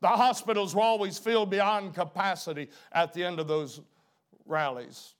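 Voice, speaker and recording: A middle-aged male preacher with a notably high voice delivers a sermon. His speech swings from hushed, low-key emphasis to loud, emphatic preaching. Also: fairly even intonation, normal speed.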